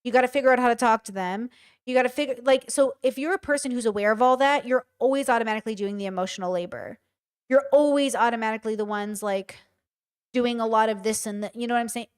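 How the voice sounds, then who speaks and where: Woman, streamer, casual live commentary, blunt, emphatic, smooth voice, slightly high. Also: fast. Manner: emphatic and blunt, talks straight to chat. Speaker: streamer reacting to a show.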